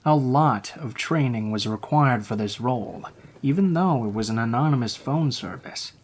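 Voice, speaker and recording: A man narrating true horror stories in a calm, low-key scripted reading. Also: moderate pace, a little hiss or hum.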